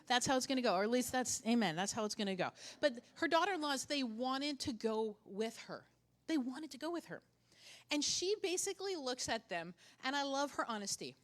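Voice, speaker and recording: Higher-voiced woman pastor, chatty sermon. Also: expressive, a little fast. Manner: conversational preaching with joking asides; repeats key phrases for emphasis.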